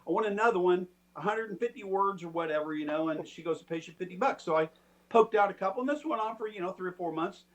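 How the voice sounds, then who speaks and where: A man with a high voice tells a story in a loose, chatty way. He puts on the voices of the people he quotes. He sounds middle-aged. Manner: animated, acts out quoted people. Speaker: storytelling guest. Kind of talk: casual storytelling.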